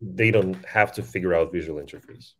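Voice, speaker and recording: A man speaking as a guest on a podcast interview, talking quickly and eagerly with frequent restarts. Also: sits low, fairly bright tone. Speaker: podcast guest, voice-tech company founder.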